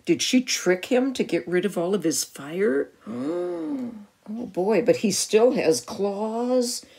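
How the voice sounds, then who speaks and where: A woman reading a picture book aloud to a child, animated, with gasps and questions for the listener. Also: mid-range voice, takes it slowly, gravelly, slightly rough.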